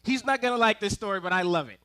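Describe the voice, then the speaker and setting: A man preaching to a congregation in a high, bright voice. He spins humorous family stories and turns often to his listeners with playful asides. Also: fast. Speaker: ministerial intern preaching. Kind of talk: sermon with personal storytelling. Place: church service before a congregation.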